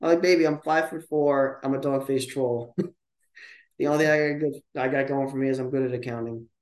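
A man's voice: medium pitch, flat delivery, quick pace. A man co-hosting a podcast in loose casual chat, laughing often and making jokes at his own expense. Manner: laughing, self-deprecating, loose. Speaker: podcast co-host. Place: home room with a bar behind him. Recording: roomy echo.

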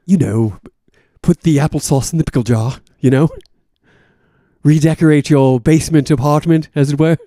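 A man's voice: on the high side, normal speed, dark tone, dry recording, clean studio sound, natural voice. A man voicing a pompous, condescending older prison escapee who talks in mannered euphemisms. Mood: haughty.

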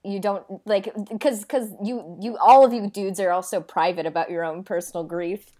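A young woman co-hosting a podcast, chatting casually about a book in a halting way, full of 'um' and quiet agreement. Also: medium pitch. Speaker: podcast co-host. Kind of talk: casual chat recapping a book.

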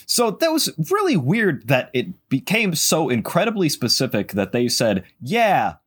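A man hosting a podcast, telling a history story in casual chat, animated with sarcastic asides. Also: on the high side, measured pace, husky.

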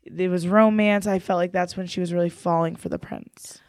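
A woman's voice: lowish voice, fairly even intonation, fairly quick, no room sound, studio quality. A woman co-hosting a podcast, chatting casually about a movie in an easygoing, wry way. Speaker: podcast co-host.

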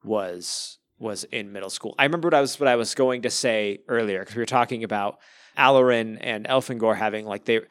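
Discussing a book as a podcast co-host, this man speaks with a fairly low, slightly bright voice at a somewhat fast clip. The chat is casual and rambling, packed with "like," restarts and fillers, and he laughs now and then; there's no echo.

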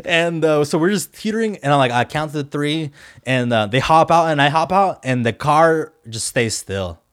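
A man's voice: on the high side, lively intonation, moderate pace, fairly bright tone. A man, co-hosting a podcast and telling a story in a rambling, slangy way with lots of fillers. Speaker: podcast co-host. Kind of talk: casual storytelling chat.

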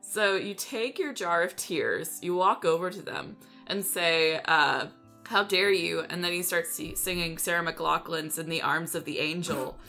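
A woman on a casual podcast panel, rambling through a silly story with giggles and quick acted-out voices. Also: on the low side, bright, forceful tone, soft background music.

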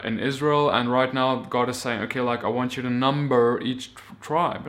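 A man giving a casual, earnest sermon who climbs from quiet talk to loud, impassioned stretches, often restarting his phrases. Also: medium pitch. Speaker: teacher of the weekly Torah portion.

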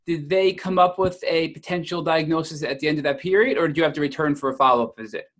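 A male interviewer puts calm, measured questions to his guest and moves the story along. His voice sits a little high for a man.

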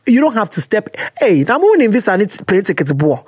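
A Ghanaian woman hosts an advice podcast, reading out listener letters and answering them with teasing, animated banter. Her pitch swings all over the place as she talks. The recording is close and dry, with no room sound. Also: fast, slightly rough, no echo. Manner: animated and teasing, mixing slang and local words. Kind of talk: casual chat.

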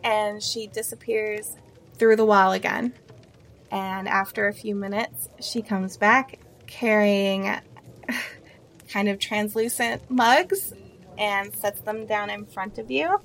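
A woman's voice: medium pitch, takes it slowly, a bit bright, a little hiss or hum. A woman narrating as game master of a tabletop game, laughing often as she voices tavern folk.

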